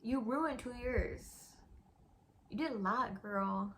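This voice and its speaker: A woman's voice: on the high side, takes it slowly, a bit bright, a little hiss or hum. A young woman and YouTuber telling a storytime in a casual, candid way, dropping "like" and "girl" often. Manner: chatty, candid, with frequent "like" and "girl".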